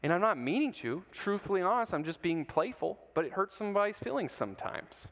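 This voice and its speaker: A man's voice: sits high, big pitch swings, fairly quick, fairly bright tone. A man giving a playful talk to middle schoolers, telling stories and asking the audience questions. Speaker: youth speaker. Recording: long hall reverb.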